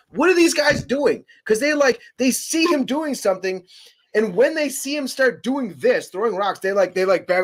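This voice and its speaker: Lively rambling young man hosting a podcast. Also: very high voice, normal speed. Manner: rambling, laughing, profane, lively storytelling. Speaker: podcast host. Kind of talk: casual chat.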